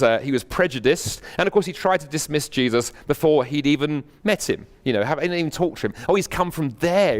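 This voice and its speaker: A British man giving a university lecture in a packed hall, earnest and animated, with frequent fillers and restarts. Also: medium pitch. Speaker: guest lecturer.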